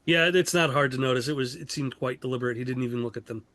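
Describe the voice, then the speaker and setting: A man narrating as game master of a tabletop game, measured, voicing characters in turn. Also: mid-range voice, a bit bright.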